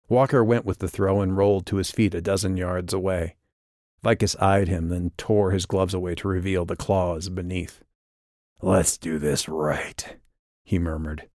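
A man narrating an audiobook in a measured, steady way. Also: deep voice, no echo, clean studio sound. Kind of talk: scripted narration.

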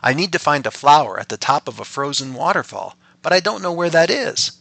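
A man's voice: fairly high pitch, lively intonation, fairly quick, vocal fry, pushed and bright, dry recording, voice pushed up, heavily acted. A man voicing a stubborn, brave young princess in a bedtime story. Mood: earnest. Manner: determined, polite.

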